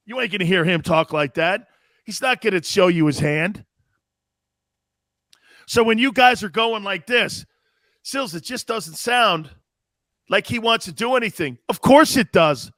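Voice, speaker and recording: Brash, animated male sports-talk commentator with a high voice; punchy, rhetorical delivery. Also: no room sound, clean studio sound. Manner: animated, emphatic, rhetorical questions.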